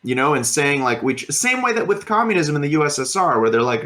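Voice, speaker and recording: A man's voice: a little high, sing-song, quick pace, hardly any pauses, pushed and bright. A man co-hosting a podcast, chatting casually and rambling with lots of fillers and casual swearing. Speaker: podcast co-host. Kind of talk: casual chat.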